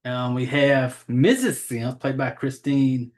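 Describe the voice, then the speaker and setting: A man's voice: mid-range voice, takes it slowly. Southern man, podcast host, loose and profane, rambles, easygoing chat. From Southern United States. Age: adult, has a child. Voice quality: rambling, profane, self-deprecating about names. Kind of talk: casual chat.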